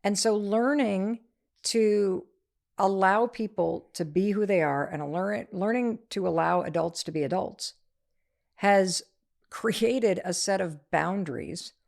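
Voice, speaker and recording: A middle-aged woman, an author, telling a story as an interview guest, lively and acting out the voices of the people in it. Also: medium pitch, takes it slowly, gravelly. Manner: energetic, acts out quoted voices.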